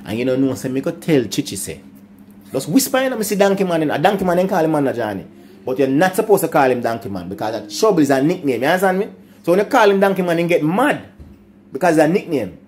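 An older Jamaican man recalls country life in a relaxed, rambling chat. His pitch swings widely as he laughs and speaks to the boys around him. A faint hiss sits under the voice. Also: fast. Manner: animated, laughs often, grandfatherly asides to grandsons. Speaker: storyteller. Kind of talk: casual storytelling chat in patois.

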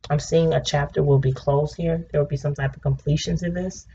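A woman with a low, gravelly voice talks through a tarot reading in a loose, chatty way, blunt and quick to swear. The sound is a little dull, with faint noise behind her. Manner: chatty, swears freely, breaks into excited laughter. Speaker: tarot reader. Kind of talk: casual tarot reading monologue. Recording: slightly dull home recording with faint noise.

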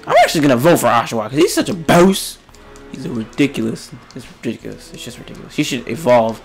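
Animated, exasperated young gamer guy. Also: medium pitch, brisk, creaky, soft background music. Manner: exasperated, excitable, jokey, frequent yelps and grunts. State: slightly sick-sounding. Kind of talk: let's play commentary.

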